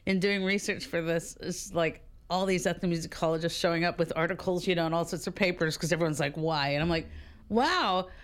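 A woman's voice: on the low side, steady tone, fast talker, few pauses, clean tone. A woman speaking as a music expert guest in a radio interview, chatty and enthusiastic, often laughing.

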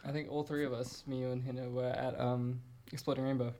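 A woman's voice: a bass voice, level tone, fairly quick, warm tone. A woman guest on a radio show, chatting casually with stammering restarts and wry asides. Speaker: musician and artist guest. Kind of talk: casual on-air chat.

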